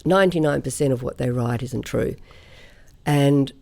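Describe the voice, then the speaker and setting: A woman from Australia, a singer, telling stories in a relaxed interview chat. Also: rumbling low, normal speed, vocal fry. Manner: chatty anecdotal storyteller, laughs often. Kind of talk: conversational interview storytelling.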